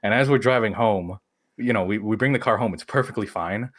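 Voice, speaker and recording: A man's voice: fairly low pitch, a little fast. A man co-hosting a live-streamed podcast, telling family stories in casual chat, swearing often and laughing as he talks. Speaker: podcast co-host.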